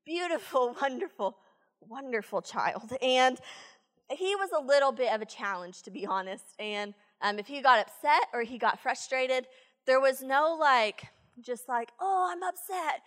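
A woman preaching a sermon, telling a story from her teaching days in an animated, chatty way with many fillers. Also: sits high, measured pace, long reverb tail. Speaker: church speaker, former teacher.

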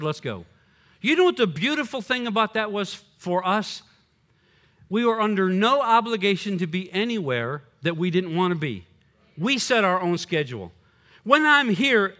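High, animated pastor preaching. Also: male voice. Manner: animated, swinging between loud punchy lines and low drops. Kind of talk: sermon.

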